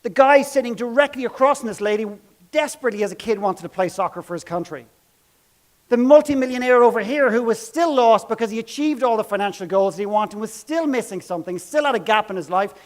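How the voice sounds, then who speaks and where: A man with a high-pitched voice tells a story from one of his sessions. He acts out what each person said, and he drops his voice low and soft at the tense moments. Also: animated, quick pace. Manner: dramatic, acts out quotes, drops to hushed tones. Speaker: speaker telling a workshop story. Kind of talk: storytelling talk.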